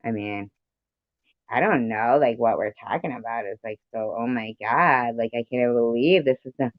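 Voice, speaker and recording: A woman's voice: very deep voice, moderate pace, dry recording. A woman hosting a livestream in casual chat, rambling and laughing often. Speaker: livestream host. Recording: muffled dry livestream audio.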